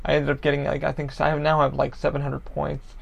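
Gravelly-voiced man ranting casually. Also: on the high side, monotone, quick pace, dull audio. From Orlando, Florida area. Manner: profane, rambling, frustrated. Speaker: podcast host. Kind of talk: casual solo rambling.

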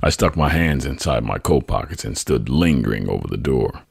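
Male memoir narrator; very low, husky, dry and close. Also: expressive, normal speed, no room sound. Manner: tender, reflective storytelling. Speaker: podcast host. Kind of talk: memoir reading.

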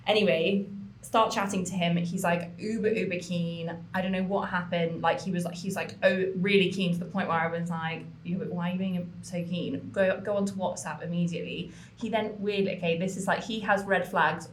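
A young woman co-hosting a podcast, telling a story in an animated way, with lots of swearing and fillers. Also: fairly low pitch, normal speed, echoey room, a little hiss or hum. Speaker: podcast co-host. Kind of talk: casual chat.

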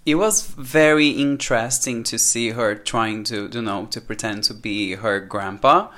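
A man guesting on a podcast in relaxed, gossipy chat, often saying "you know" and giving blunt verdicts. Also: mid-range voice, measured pace.

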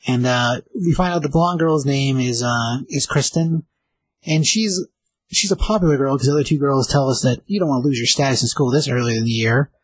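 A man retelling a comic story in a loose, rambling way, full of ums and uhs. His voice is slightly husky and plain in pitch. The sound is dry and close, with no room around it. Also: dry recording, poor audio. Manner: rambling, filler-heavy retelling with quick voices. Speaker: comic book reviewer. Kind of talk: casual comic recap.

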